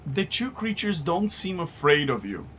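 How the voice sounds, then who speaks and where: A man narrating as game master of a tabletop game, halting and full of fillers. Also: fairly high pitch, very animated, fairly bright tone, slight background noise.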